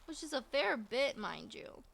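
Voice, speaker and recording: A woman's voice: sits high, big pitch swings, measured pace, creaky, fairly bright tone. A woman streaming a video game, chatting casually and playfully repeating herself as she plays. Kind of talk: casual gameplay commentary.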